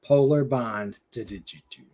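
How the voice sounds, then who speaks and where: A man's voice: mid-range voice, heavy background noise. A man with a New England accent hosting a casual web show, telling jokes and laughing often. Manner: joking, unhurried, laughs often. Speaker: host.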